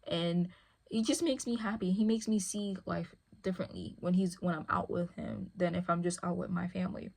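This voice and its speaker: A woman's voice: fairly low pitch, lively intonation, normal speed, vocal fry, a little mellow. A woman who handles a service dog, talking casually and rambling, often asking "you feel me". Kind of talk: casual chat.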